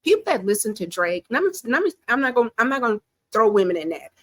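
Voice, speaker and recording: A woman giving casual commentary from home, chatty, animated and opinionated. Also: a little high, quick pace, no echo. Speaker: pop-culture commentator.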